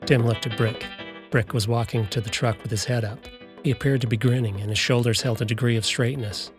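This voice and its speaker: A man narrating a story in a steady, even storytelling voice. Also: medium pitch, a little fast, over music. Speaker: audiobook narrator. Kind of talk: scripted narration.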